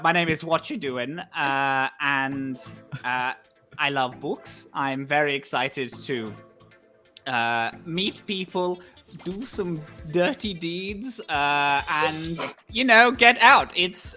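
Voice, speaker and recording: A man's voice: fairly high pitch, bright, forceful tone. A man voicing a stiff, stammering male monster that tries to pass as a normal human. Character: bookish, awkward monster head pretending to be human.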